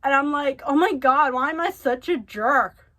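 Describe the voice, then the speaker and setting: A young woman vlogger shares a personal story and earnest advice in a heartfelt storytime vlog, speaking in a confiding, repetitive way. Her voice is high-pitched and a bit bright, at a moderate pace.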